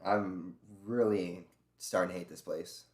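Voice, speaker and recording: A man's voice: low-pitched, steady tone, measured pace, a little mellow, echoey room. A man streaming from home, venting about his job in a casual, profane rant. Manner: profane, venting, mimics bosses in quoted voices.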